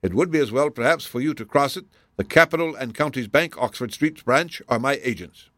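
A man voicing a cold, precise male detective in an audiobook, measured and inexorable. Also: mid-range voice, animated, a bit bright, no room sound, voice pushed up, close to an everyday voice. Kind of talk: audiobook character voice.

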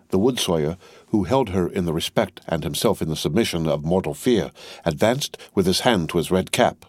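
A man narrating a classic novel as an audiobook in a measured, even reading style. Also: sits low, no room sound. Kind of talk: scripted narration.

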